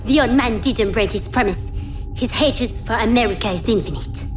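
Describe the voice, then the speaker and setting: A woman's voice: a little high, normal speed, music in the background, close to an everyday voice. A woman playing a scheming enemy commander who reports in clipped, formal military speech.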